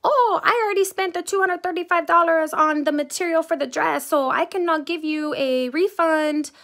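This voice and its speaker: A woman mocking a shrill, defensive seamstress. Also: moderate pace, a bit bright. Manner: high-pitched mocking imitation. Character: shrill defensive female seamstress, flustered and stubborn.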